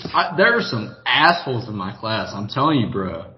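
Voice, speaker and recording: A man's voice: lowish voice, sing-song, normal speed, dull audio. A young man, a podcast co-host in casual chat, who teases the others, swears freely and laughs a lot. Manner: teasing, profane, laughs a lot.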